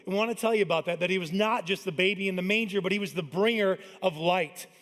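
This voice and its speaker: A man's voice: sits high, fast talker, a bit bright. A man in his thirties preaching a Christmas sermon as pastor, talking in a conversational way and telling family stories. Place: large church hall. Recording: long church-hall reverb.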